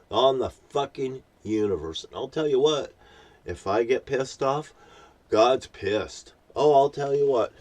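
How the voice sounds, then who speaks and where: Man, husky voice, profane repetitive rant, recorded slightly distant. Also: medium pitch, a little mellow. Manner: ranting, swears constantly, repeats himself. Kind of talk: angry profane monologue to camera.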